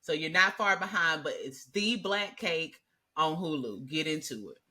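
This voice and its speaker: A woman co-hosting a podcast in casual chat, animated and swearing freely as she rants. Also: low-pitched, normal speed. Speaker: podcast co-host.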